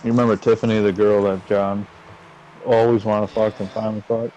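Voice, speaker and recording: Profane storytelling man, mellow voice. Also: on the low side, brisk, muffled recording, slight background noise. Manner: animated, profane, acts out quotes in raised voices. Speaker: storyteller recounting a bar argument.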